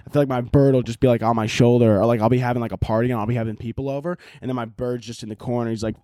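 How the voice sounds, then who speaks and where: A man hosting a solo podcast in casual chat, profane and rambling, mocking himself and jumping into loud, overdone voices to act out scenes. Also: mid-range voice, steady tone, racing, few pauses, no echo, studio quality. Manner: jumps to loud exaggerated voices when acting out scenes. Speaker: podcast host.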